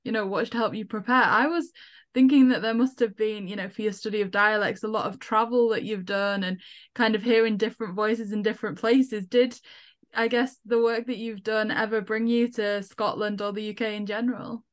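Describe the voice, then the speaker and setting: A woman co-hosting a casual interview, asking measured, considered questions. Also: mid-range voice, fairly even intonation. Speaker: interview host.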